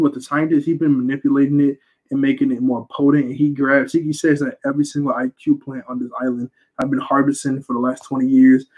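Husky young man rambling through a recap. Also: medium pitch, mellow, dull audio. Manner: rambling, slangy, self-correcting. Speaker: reviewer. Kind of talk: casual movie recap.

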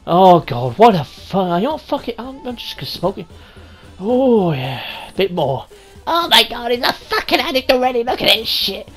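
A woman's voice: a little high, big pitch swings, moderate pace, husky, faint music behind. A woman giving sweary, rowdy commentary while playing a video game. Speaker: gaming let's-player. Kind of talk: casual gameplay commentary.

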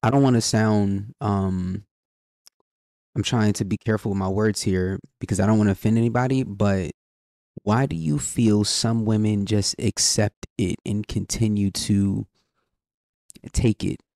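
A man's voice: fairly low pitch, fairly even intonation, measured pace, creaky, darkish tone, no echo. Laid-back man hosting a podcast. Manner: laid-back, slangy, rambling with fillers. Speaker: podcast co-host. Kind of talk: casual conversational podcast.

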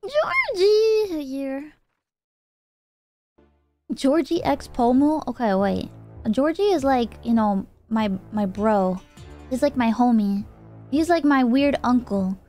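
A woman streaming a video game live, excitable, gasping and squealing. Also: fairly high pitch, slow, pauses often, soft background music.

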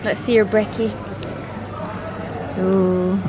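A young woman, chatting excitedly to a handheld camera in a casual vlog and laughing often. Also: medium pitch, slow pace, over a noisy crowd. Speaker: vlogger.

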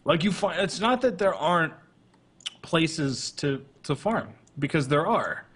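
A man's voice: on the high side, expressive, a little slow, fairly bright tone, slightly rough. A man hosting a casual podcast on a voice call, rambling and hesitant, swearing casually. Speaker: podcast host. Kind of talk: casual chat. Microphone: computer mic on a voice call.

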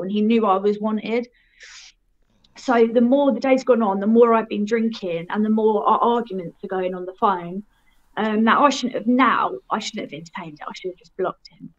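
A woman's voice: mid-range voice, moderate pace, highs cut off. A young woman telling her own story in a frank, rambling way and laughing at herself. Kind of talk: casual storytelling.

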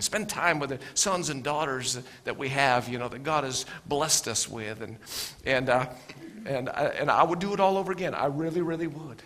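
A middle-aged male pastor preaching a sermon with storytelling, earnest, often repeating his words and dropping to soft asides. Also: on the high side.

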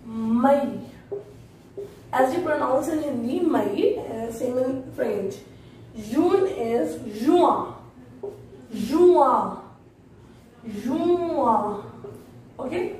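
A woman teaching French in a casual spoken lesson, slowly saying each word and repeating it for pronunciation. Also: sits high, expressive, dark tone. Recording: roomy echo from far off, faint noise.

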